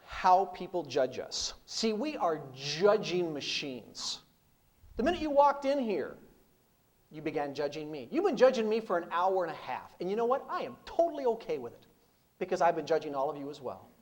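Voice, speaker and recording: A middle-aged business speaker addresses a full seminar room with emphatic delivery, relying on rhetorical questions and repeated one-word punchlines. His pitch moves freely up and down, keeping the talk lively at normal speed.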